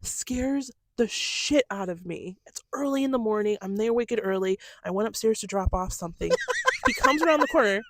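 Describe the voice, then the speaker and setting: With a medium-pitched voice at a moderate pace, a woman co-hosts a podcast from the studio. She's an animated storyteller in casual chat, cursing freely as she goes.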